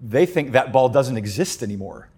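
Animated male preacher giving a sermon. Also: normal speed, husky. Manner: animated, acts out quoted voices with sudden loud high bursts. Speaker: pastor.

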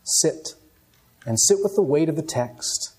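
A man preaching with a somewhat high voice. He tells his story dramatically, dropping to hushed lines and then rising again, in the steady address of an evening sermon. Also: measured pace, husky. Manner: dramatic storytelling, shifting between hushed and raised passages. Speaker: pastor.

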